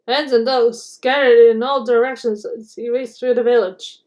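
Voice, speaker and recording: Woman, storybook read-aloud, narrator, animated, dramatic, fairly high voice. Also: normal speed, muffled recording. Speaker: storybook reader.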